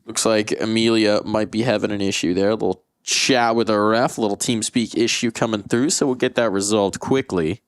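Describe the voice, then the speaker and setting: A man casting esports play-by-play, excitable and jokey, his voice leaping up on big plays. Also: on the low side, a little fast, hardly any pauses, no echo, clean studio sound. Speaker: esports caster. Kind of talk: play-by-play commentary.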